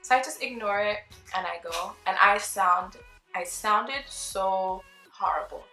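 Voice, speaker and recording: A young woman vlogger telling a casual storytime, chatty and animated, acting out the people she quotes. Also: mid-range voice, unhurried. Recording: roomy with faint background music.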